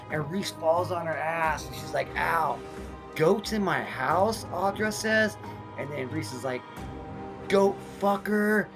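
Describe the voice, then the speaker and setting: A man's voice: medium pitch, gravelly. Profane man ranting through a horror recap. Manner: profane, blunt storytelling. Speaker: horror movie reviewer.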